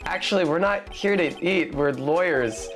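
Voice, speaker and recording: A woman voicing a young male defense lawyer from a video game, with a flat, dry delivery close to her own voice. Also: sits low, normal speed, soft background music, lightly acted.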